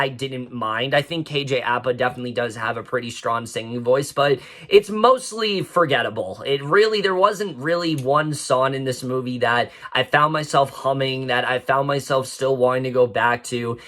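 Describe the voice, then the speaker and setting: A man's voice: medium pitch, a bit bright. A young man giving a casual spoken film review, frank and exasperated, with many fillers and restarts. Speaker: movie reviewer.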